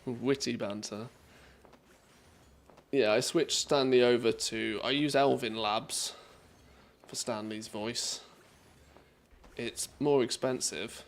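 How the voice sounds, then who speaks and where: A man's voice: medium pitch, fairly even intonation, slow pace. A man streaming live, talking casually and rambling, restarting his thoughts mid-sentence.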